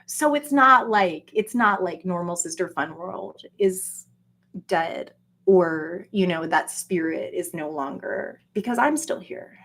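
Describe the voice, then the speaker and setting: A woman in a casual solo monologue, ranting profanely with lots of fillers and acting out quoted voices. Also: slow. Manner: profane, animated, jokey rants with frequent fillers; acts out quoted voices with jumps in pitch. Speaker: solo vlogger.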